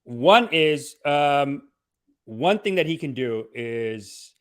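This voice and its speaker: A man hosting a podcast, riffing sarcastically on clips in a rambling, animated way. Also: a little high, slow, clear, resonant tone, no room sound, studio quality. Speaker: podcast host. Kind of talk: comedic commentary.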